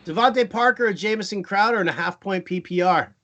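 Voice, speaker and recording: A man's voice: high voice, a bit bright, dull audio. A man co-hosting a live fantasy football show, reading out viewer questions and joking around. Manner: jokey, quick-fire, rattles off player lists. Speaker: co-host.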